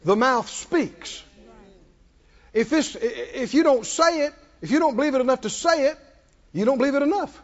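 High-voiced older preacher. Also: male voice, animated, moderate pace. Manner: impassioned storytelling preacher, call-and-response. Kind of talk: sermon. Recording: echoey hall, dull muffled sound.

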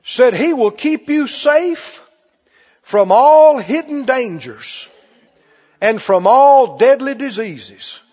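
High-voiced preacher with slow, lively delivery. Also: male voice, breathy edge. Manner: call-and-response preaching, rising to shouts on key lines. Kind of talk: sermon. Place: church sanctuary. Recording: lo-fi hall recording. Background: congregation responding.

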